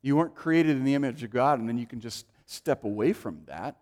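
A man's voice: medium pitch, brisk. A middle-aged man preaching a sermon, telling stories and acting out the voices of the people in them. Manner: animated, acts out quoted voices in anecdotes. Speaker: pastor. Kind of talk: sermon with storytelling.

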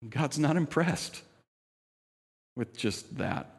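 A middle-aged man preaching and telling a personal story in a relaxed, conversational way. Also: a little high, takes it slowly, creaky, breathy edge, in a large hall. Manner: conversational storytelling, animated quoted voices. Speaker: pastor.

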